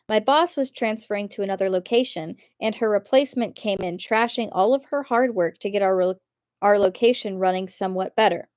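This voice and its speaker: A woman's voice: medium pitch, a little mellow, dry recording, clean studio sound. A woman live-streaming as she reads online posts aloud, chatty and giggly, often breaking off to comment. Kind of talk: casual live-stream reading.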